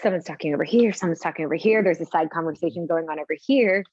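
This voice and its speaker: A woman speaking as an audiologist guest in an interview, explaining in a measured way with examples. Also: sits low, darkish tone, slightly rough, no room sound, highs cut off.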